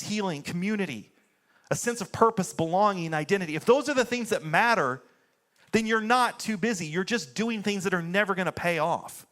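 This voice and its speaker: High-voiced conversational pastor preaching. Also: male voice, a bit bright. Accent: American. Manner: conversational preaching, fillers like "like", swings into blunt punchlines. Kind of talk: sermon.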